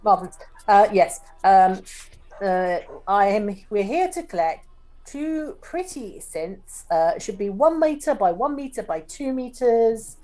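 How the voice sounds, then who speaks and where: A woman plays her tabletop game character with a polite, hesitant delivery. Her pitch moves in a lively way, and her tone is mellow and soft. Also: measured pace, faint music behind. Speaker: player.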